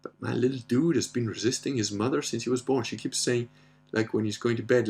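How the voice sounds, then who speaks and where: On his casual Q&A show, the host's monologue is packed with crude, profane stories and frequent laughter. He speaks at a moderate pace in a gravelly, mid-range voice.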